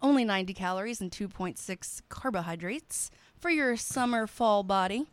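A woman's voice: mid-range voice, animated, normal speed, no room sound. A woman co-hosting a podcast, bantering in a playful, self-mocking way into a studio mic. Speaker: podcast co-host. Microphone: studio microphone.

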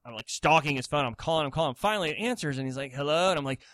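A man's voice: a little high, racing, dry recording, clean studio sound. A man co-hosting a casual comedy podcast, telling a rambling story and acting out the people in it. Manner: animated storyteller acting out quotes. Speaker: podcast co-host.

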